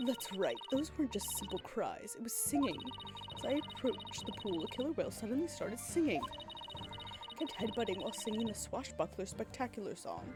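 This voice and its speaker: A woman's voice: on the high side, big pitch swings, a little fast. A woman streaming a game, reading its dialogue aloud and thinking through the puzzle. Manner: reasons aloud, chatty. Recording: loud game music behind.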